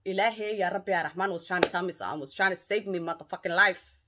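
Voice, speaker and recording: A woman's voice: lowish voice, fast talker, background noise. A woman with a British northern English accent telling a dramatic, swear-filled story in a casual vlog, filmed by a camera in her living room. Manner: animated, profane storytelling. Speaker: vlogger.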